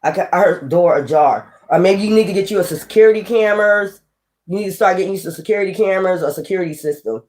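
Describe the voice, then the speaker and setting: A woman's voice: on the low side, fast talker, darkish tone. A woman giving a casual spiritual tarot reading, blunt, profane and preachy, rambling with frequent restarts. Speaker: tarot reader.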